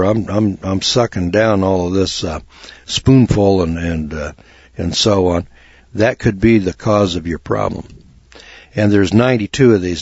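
A man's voice: low-pitched, a little mellow, slightly rough, no room sound, lo-fi sound. A man hosting a talk radio show, rambling in a folksy, blunt way with lots of fillers and restarts.

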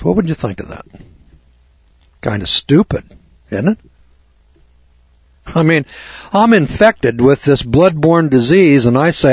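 A man preaching a sermon in an indignant, mocking way, repeating words and clearing his throat. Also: mid-range voice, lively intonation, measured pace, pauses often, no echo, muffled recording. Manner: indignant, mocking, rises to exclamations.

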